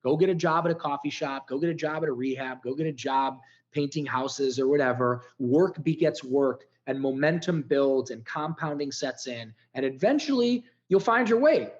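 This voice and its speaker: A man's voice: mid-range voice, steady tone, moderate pace, highs cut off. A man in his fifties from Ohio, a podcast guest telling his life story in a candid, emotional way with casual swearing. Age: 50s.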